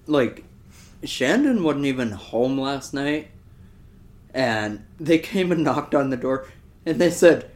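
A man's voice: medium pitch, animated, slow pace. A man co-hosting a podcast, talking casually and joking with easy laughter. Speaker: podcast co-host. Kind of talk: casual chat.

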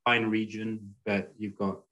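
A man with a fairly low voice tells a story as a podcast guest. He rambles casually, leans on fillers and restarts his sentences as he goes. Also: flat delivery, a little slow, pushed and bright, lo-fi sound. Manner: rambling, with many "like" and "you know" fillers.

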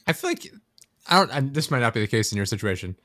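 Young man, casual podcast chat, relaxed and profane, dry close mic. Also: medium pitch, fast talker, no room sound. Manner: laid-back, swears freely, acts out quotes.

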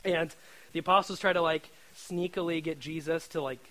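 A man giving a casual sermon in a chatty, joking way, often asking "right?" and getting louder and higher when excited. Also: normal speed, rough recording. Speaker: preacher.

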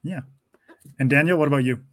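A man's voice: fairly high pitch, fast, fairly bright tone. A man co-hosting a podcast over a video call, laid-back and jokey and swearing freely. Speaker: podcast co-host. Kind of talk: casual podcast chat.

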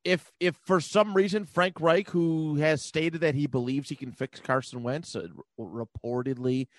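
A man's voice: on the high side, fairly even intonation, normal speed, dry recording. A man co-hosting a podcast, rambling loosely through casual sports chat, laughing often and swearing now and then. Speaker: podcast co-host.

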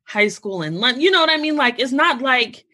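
A young adult American woman hosting a podcast, talking casually and telling stories in an animated way. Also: high-pitched, moderate pace. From United States. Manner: animated storytelling, quotes relatives in lively voices. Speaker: podcast host. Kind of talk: casual conversation.

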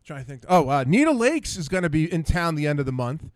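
A man's voice: a little high, sing-song, quick pace, dry recording. Combative male host telling a story. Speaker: podcast host. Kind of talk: storytelling monologue.

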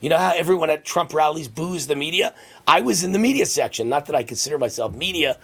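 A middle-aged man hosting a radio and TV talk show, boastfully telling stories and acting out shouts in a husky voice. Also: animated, fast talker. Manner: boastful storytelling, acts out shouting with rising pitch. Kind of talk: conservative talk radio monologue.

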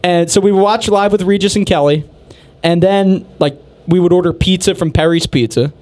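A man's voice: high-pitched, normal speed, darkish tone. A man hosting a casual podcast chat, telling long rambling stories and laughing often.

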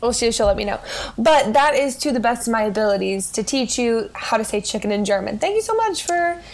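A woman, co-hosting a podcast in casual, animated chat. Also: fairly high pitch, brisk. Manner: playful, animated. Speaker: podcast co-host.

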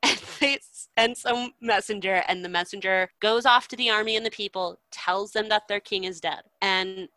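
Lady telling an old story with loads of swearing, bright voice, dry close sound. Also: medium pitch, moderate pace, few pauses, dry recording, low-quality recording. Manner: animated, swears a lot, acts out characters' lines. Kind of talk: profane casual retelling of a poem.

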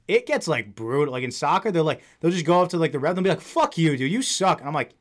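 A young man hosting a podcast, chatting casually with friends, animated, with lots of fillers and swearing. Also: a little high, racing. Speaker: podcast host. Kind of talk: casual chat.

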